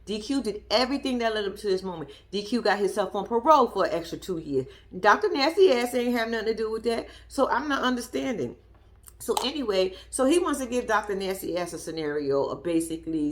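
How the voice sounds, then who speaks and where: A woman's voice: medium pitch, lively intonation, fairly quick. A woman giving blunt, profane reaction commentary on a reality show, talking straight at the people in it with sass and disbelief. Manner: blunt, profane, sassy, argues at the people she discusses. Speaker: show reviewer.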